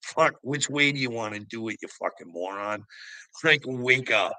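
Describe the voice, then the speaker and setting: A man's voice: mid-range voice, moderate pace, bright, forceful tone, dry recording, poor audio. A man who vlogs, ranting profanely and laughing with scorn. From Canada. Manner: angry, swearing, laughing scornfully. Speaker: vlogger.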